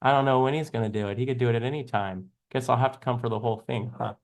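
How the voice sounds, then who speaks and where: This live trading show host, a Southern American man, keeps up loose, joke-filled banter that wanders around, with frequent laughter. He talks rapid-fire at a medium pitch.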